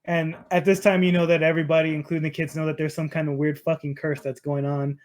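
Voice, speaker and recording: A man's voice: on the high side, little pitch movement, quick pace, a little mellow. Rambling, profane male podcast host. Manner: rambling, profane, lots of fillers. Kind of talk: casual movie recap chat.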